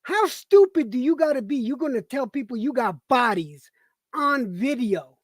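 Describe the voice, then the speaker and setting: A woman's voice: sits high, animated, normal speed, no echo. A woman streamer on a live broadcast, delivering an angry, profane rant full of stammered repetitions.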